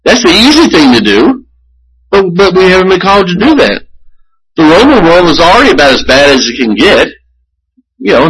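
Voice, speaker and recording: A man preaching a sermon as pastor, earnest and measured, often restarting his phrases. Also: on the high side, a bit bright, husky, poor audio.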